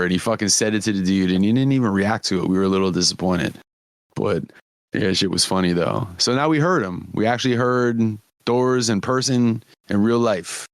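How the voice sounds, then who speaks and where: A man's voice: fairly low pitch, moderate pace, dry recording, clean studio sound. A man hosting a podcast, telling stories in casual chat, swearing freely and laughing often. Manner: profane, laughing storyteller. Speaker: podcast host.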